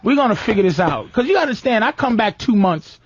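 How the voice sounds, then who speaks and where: Man with a high, lively voice. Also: fairly quick, slightly rough, no echo, highs cut off. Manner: animated storytelling with acted-out quotes. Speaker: radio show host. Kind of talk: loose comedic radio talk.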